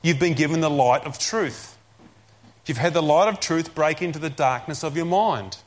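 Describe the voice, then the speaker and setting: A man preaching a sermon, repeating key phrases and slowing down to stress commands. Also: on the high side.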